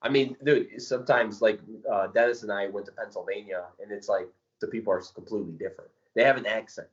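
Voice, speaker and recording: Podcast co-host, man, low voice, chatty and rambling, dull lo-fi recording. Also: fast, reverberant. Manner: rambling, excitable storyteller. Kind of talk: casual chat. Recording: dull lo-fi sound.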